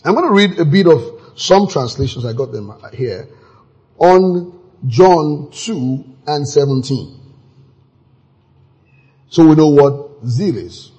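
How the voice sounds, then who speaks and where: A man preaching a sermon, animated and acting out scenes with sudden exclamations, his voice very husky. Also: on the high side, slow pace, long pauses, highs cut off.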